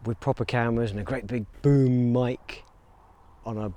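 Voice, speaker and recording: A man's voice: mid-range voice, steady tone, moderate pace, warm tone. A man, chatting casually in a walking vlog in an outdoor field and talking playfully to the cows around him. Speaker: vlogger. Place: outdoor field beside a stone circle. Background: faint outdoor ambience with cows.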